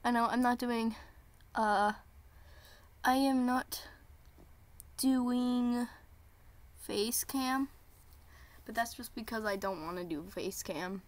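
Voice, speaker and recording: Young girl streaming, shaky and hyped, kinda high voice, slow drawn-out talk. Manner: excited, gushing, repeating herself. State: nervous and jittery. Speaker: streamer reacting to a premiere. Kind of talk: live reaction vlog.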